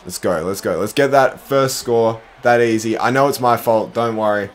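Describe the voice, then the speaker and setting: A young man streaming a basketball video game, commenting live, groaning at his own mistakes and bursting into shouts. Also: mid-range voice, moderate pace. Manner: excitable, groaning, self-deprecating, bursts into shouts. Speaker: gaming streamer.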